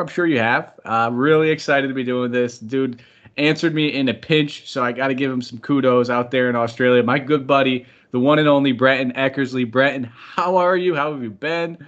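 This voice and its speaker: A man's voice: medium pitch, fairly quick, fairly bright tone, dull audio. A man hosting a podcast, upbeat and chatty, running through sports analysis and sometimes tripping over names. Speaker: podcast host.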